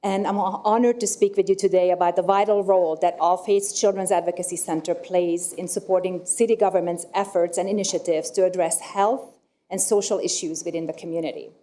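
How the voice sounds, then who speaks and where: A woman representing a nonprofit, giving prepared public comment at a council meeting in a formal, slightly halting reading. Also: on the low side, fairly even intonation, warm tone.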